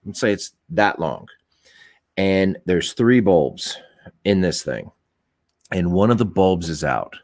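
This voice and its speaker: A man's voice: sits low, lively intonation, takes it slowly, pauses often, a little mellow, no room sound, studio quality. A middle-aged man hosting a podcast, talking bluntly and rambling in casual opinionated chat, swearing and restarting his sentences. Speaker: podcast host.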